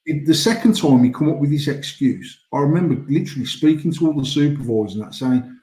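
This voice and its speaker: A man, co-hosting a podcast and telling long, profane, animated stories in casual chat. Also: mid-range voice, quick pace, few pauses, roomy sound, low-quality recording. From England. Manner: swears a lot, animated storytelling. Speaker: podcast co-host.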